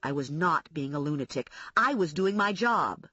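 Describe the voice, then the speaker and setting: Wry first-person audiobook narrator, woman, husky and lively in pitch. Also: moderate pace, no echo, dull audio.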